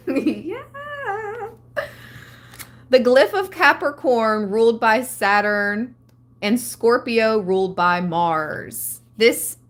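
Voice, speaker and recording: A woman hosting a live-stream tarot reading, reading card meanings aloud and breaking into excited asides. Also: fairly high pitch. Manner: slow, reads card text then riffs excitedly. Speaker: tarot reader.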